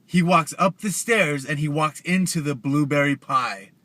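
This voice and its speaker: Chatty young man, bright and dry. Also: a little high, a little slow, no room sound. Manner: loose, chatty with slang asides. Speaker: YouTuber. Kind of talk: casual storytelling.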